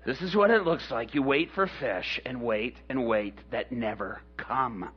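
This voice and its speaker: A man voicing Peter, a stubborn, sarcastic adult fisherman, mocking and often shouting, on a dull lo-fi recording. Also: very high-pitched, big pitch swings, normal speed, voice pushed up, heavily acted. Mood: sarcastic pleading.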